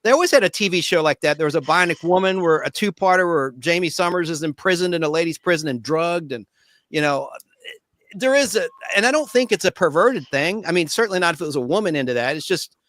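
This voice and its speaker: A man with a high, bright voice rambles enthusiastically in a casual chat. His sound is dry and close, as on a video call. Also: lively intonation, quick pace, no echo. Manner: rambling, film-buff enthusiasm.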